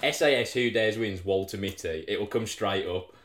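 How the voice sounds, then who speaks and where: A low-voiced podcast co-host tells stories with lively energy at a moderate pace in casual chat. He swears freely and acts out quotes, and the room he's in is echoey.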